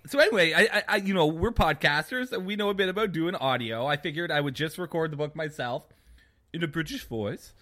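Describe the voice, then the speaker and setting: A man co-hosting a podcast in casual chat, animated and joking around. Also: on the high side, a little fast. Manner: animated, breaks into silly accents. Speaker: podcast co-host.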